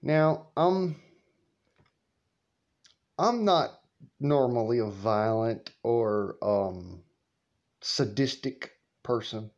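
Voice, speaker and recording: A man's voice: mid-range voice, expressive, very slow, pauses often, darkish tone, highs cut off. A man telling a story in a rambling, profane, colloquial way. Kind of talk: casual storytelling vlog.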